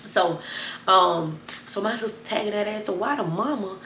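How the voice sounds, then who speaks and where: A young woman telling a wild personal story to camera, animated and chatty, talking straight to her viewers. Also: normal speed, echoey room, slight background noise. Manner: animated, addresses viewers as y'all, bursts of high excited retelling. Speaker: storytime vlogger.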